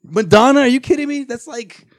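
Animated laughing man. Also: extremely high pitch, fairly quick. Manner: loud, laughing, swears freely. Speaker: podcast co-host. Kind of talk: casual chat.

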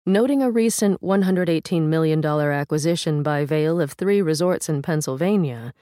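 Woman narrator with a low voice and dry, close sound; steady, measured delivery of a long-form article. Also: no echo. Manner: measured, steady reading with a first-person reporter voice. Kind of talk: scripted narration.

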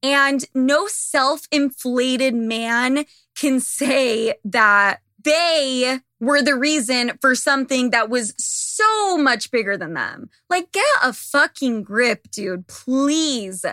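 A woman's voice: high-pitched, expressive, slow pace, bright, forceful tone, no echo, studio quality. A young woman hosting a podcast, talking bluntly and with lots of swearing, her voice a bit worn. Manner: blunt, profane, gossipy. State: losing her voice. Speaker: podcast host. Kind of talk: casual monologue to listeners.

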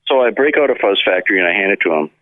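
A man's voice: on the low side, rapid-fire, dry recording. A man telling stories as an interview guest, acting out the voices of people in his stories. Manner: animated storyteller who acts out quoted dialogue. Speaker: guest, effects pedal maker. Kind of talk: casual storytelling interview. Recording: tinny phone-line sound.

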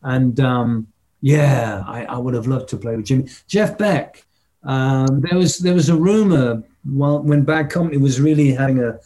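Brief: older male musician guest, mid-pitched voice, lively storyteller who scats drum beats. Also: normal speed. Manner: animated anecdotes, mimics drum patterns vocally. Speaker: interview guest, rock drummer. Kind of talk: casual storytelling interview.

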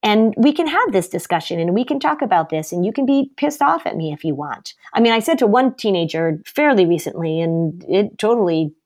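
A woman's voice: medium pitch, animated, brisk, few pauses, a little mellow. A woman therapist speaking as a podcast guest, earnest and emphatic about her views. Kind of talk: podcast interview.

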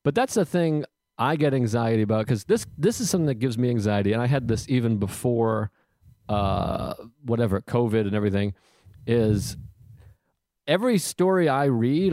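A man's voice: medium pitch, a little mellow, no echo, clean studio sound. A man chatting casually from home, rambling and jokey, often restarting his sentences. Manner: rambling, self-interrupting, jokey. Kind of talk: casual chat. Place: home in Queens.

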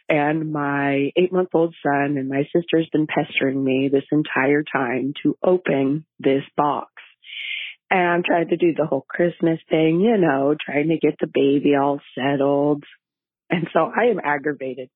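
A woman's voice: sits low, dry recording. Woman telling a family story, lo-fi. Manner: lively storytelling, putting on family voices. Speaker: caller. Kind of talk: recorded voicemail story.

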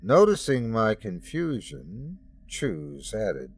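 A man's voice: on the low side, very animated, slow, a little hiss or hum. A man narrating a first-person horror story as host of the show.

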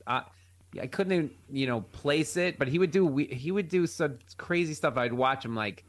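A male comedian guesting on a podcast, an animated storyteller in casual chat. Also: fairly high pitch, normal speed.

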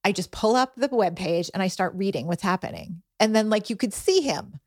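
A middle-aged woman, a guest on a chat show, telling animated stories about her son with exasperated asides. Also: medium pitch, a little fast, no room sound, studio quality. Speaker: podcast guest, parent. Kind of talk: casual chat.

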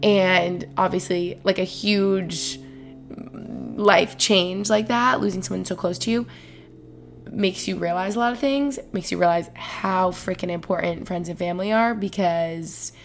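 A woman's voice: fairly low pitch, fairly even intonation, unhurried, faint music behind. A woman in her twenties hosting a casual solo podcast, rambling and emotional, with lots of "like". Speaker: podcast host.

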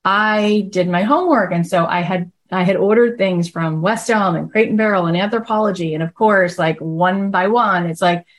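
A woman hosting a podcast, telling a casual story in a chatty, animated way and acting out the other people in it. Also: lowish voice, normal speed, few pauses. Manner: chatty, animated, acts out quoted voices. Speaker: podcast host.

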